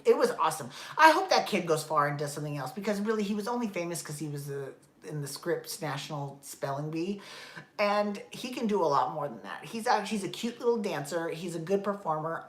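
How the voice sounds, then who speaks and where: Woman host, casual exasperated recap rant, a bit hoarse from dry throat, lower register, echoey room. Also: fairly bright tone. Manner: exasperated, profane, rambling. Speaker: podcast host.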